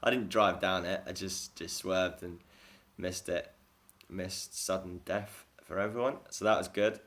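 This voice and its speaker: A man's voice: sits low, fairly even intonation, measured pace, fairly bright tone. A man talking casually into a phone for a daily video diary, rambling and self-deprecating, often laughing. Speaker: vlogger.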